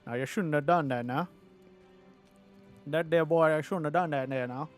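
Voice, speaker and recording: A man doing a folksy Southern American accent in a slow, teasing drawl. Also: fairly high pitch, faint music behind, lightly acted.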